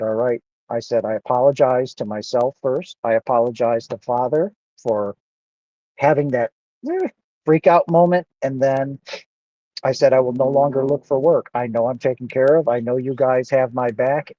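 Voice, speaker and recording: A man's voice: medium pitch, steady tone, normal speed, dark tone, dry recording, lo-fi sound. A man talking earnestly and emotionally into his camera in a personal monologue, close to tears and repeating himself. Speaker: vlogger.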